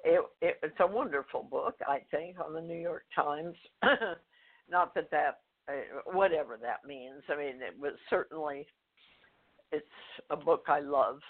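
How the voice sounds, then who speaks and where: An older woman, a guest author, telling a personal story in a phone interview, halting, with fillers, restarts and soft laughs. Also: sits low. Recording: tinny phone line.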